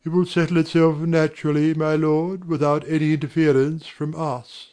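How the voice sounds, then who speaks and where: A man voices a faithful, deferential butler who speaks with quiet formality. The tone is mellow and warm, pitched a little high for a man. It suits a respectful servant in an old stage play. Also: little pitch movement, normal speed, natural voice. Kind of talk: amateur audiobook drama reading.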